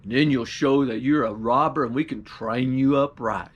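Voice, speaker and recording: A man voicing dim-witted robber giants who talk slowly in rough country slang. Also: medium pitch, lo-fi sound, lightly acted. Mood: scheming.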